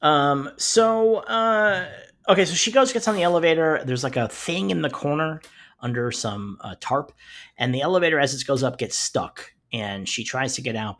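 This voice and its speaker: A man co-hosting a casual podcast, recapping a TV episode scene by scene. His pitch swings up and down in a lively, animated way. His voice sits at an ordinary middle pitch. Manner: animated, recaps plot with acted quotes and swearing. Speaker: podcast co-host. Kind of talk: casual review chat.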